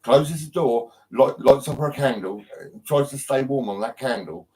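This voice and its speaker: A man's voice: mid-range voice, normal speed, dark tone, low-quality recording. A man from England on a live stream from his home, talking in a rambling way with lots of ums and restarts and heavy swearing. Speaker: livestreamer. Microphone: phone.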